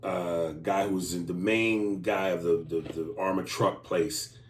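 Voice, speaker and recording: A man's voice: sits low, fairly even intonation, measured pace, echoey room, slight background noise. A man co-hosting a podcast in casual chat, crude and joking, often acting out lines. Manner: crude, joking, acts out lines in silly voices. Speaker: podcast co-host.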